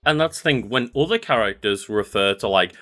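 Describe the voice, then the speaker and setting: A man co-hosting a casual podcast, relaxed with short replies and asides. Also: on the low side, fairly quick. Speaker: podcast co-host. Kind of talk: casual chat.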